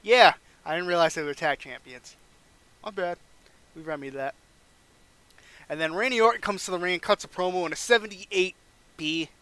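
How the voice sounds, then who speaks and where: A man's voice: high-pitched, moderate pace, pauses often, bright, forceful tone, smooth. A man casually narrating a wrestling management game playthrough, recapping matches and reading scores aloud.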